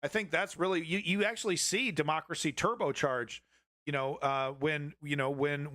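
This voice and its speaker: A man's voice: a little high, fairly bright tone, dry recording, studio quality. A young man hosting a live political news stream, talking to his chat in a blunt, profane, confrontational way.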